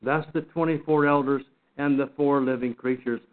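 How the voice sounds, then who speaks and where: A man's voice: medium pitch, fairly even intonation, moderate pace. A man teaching a Bible study lesson in an earnest, emphatic way, often repeating and restarting words. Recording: phone-like narrow sound.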